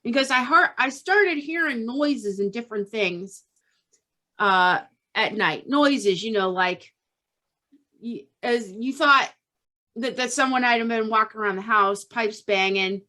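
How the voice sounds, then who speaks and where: A woman reading out a troubled young man's confession in a Pittsburgh accent, halting and rambling. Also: a little high, sharp tone. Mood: uneasy. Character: troubled young man recalling ghostly noises.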